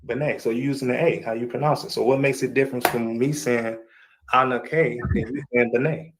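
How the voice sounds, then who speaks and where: A man's voice: medium pitch, steady tone, normal speed, background noise. Casual man questioning on a call. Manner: casual, informal, questioning back. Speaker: guest. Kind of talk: casual debate on a stream call.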